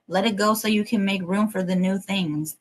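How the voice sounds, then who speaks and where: A woman with a medium-pitched voice and moderate pace gives a collective tarot reading on a livestream, emotional and emphatic, urging listeners on and swearing casually. The recording quality is low.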